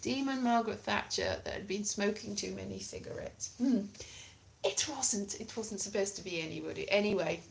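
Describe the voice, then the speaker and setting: A woman's voice: mid-range voice, moderate pace, gravelly. A woman chatting casually with viewers on a live stream, playful and theatrical, often mocking herself.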